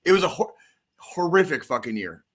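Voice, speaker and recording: A man co-hosting a loose podcast chat, his voice bright and forceful. He rants about football in a profane, rambling, excitable way, piling on swear words as he goes. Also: on the high side, moderate pace. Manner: profane, excitable, rambling sports-fan rant. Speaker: podcast co-host. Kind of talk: casual chat.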